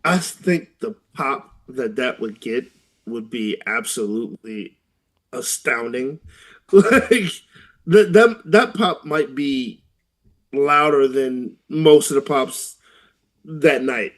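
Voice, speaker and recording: A man co-hosting a casual podcast, laid-back and quick to laugh. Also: mid-range voice, expressive. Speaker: podcast co-host. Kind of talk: casual wrestling podcast chat.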